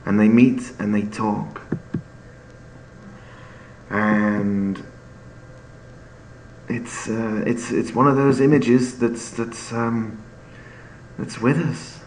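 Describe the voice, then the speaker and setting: A man explaining a play in an unhurried storytelling manner, sometimes restarting with fillers as he searches for words. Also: fairly low pitch, little pitch movement, slight background noise. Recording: echoey room with faint ambience.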